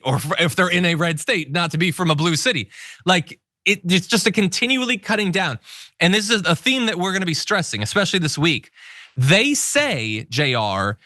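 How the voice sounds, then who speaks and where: A man hosting a political commentary show, mocking his targets with sarcasm. His voice is bright and slightly high, and it swoops a lot in pitch. The sound is dry and close. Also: no room sound. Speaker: host.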